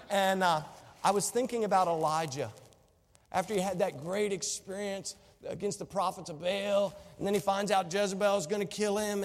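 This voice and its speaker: A man's voice: sits high, big-room sound. A man preaching a sermon as pastor, impassioned and repeating phrases for emphasis.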